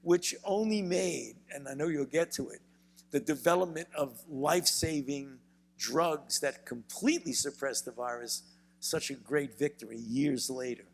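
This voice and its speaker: Older brooklyn guy, gravelly, talks slow and careful with lots of repeats, reverby hall. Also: medium pitch. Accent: Brooklyn, New York. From United States. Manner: measured storytelling, frequent repeated words. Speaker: physician and author, interview guest. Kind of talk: onstage conversation. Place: university event hall.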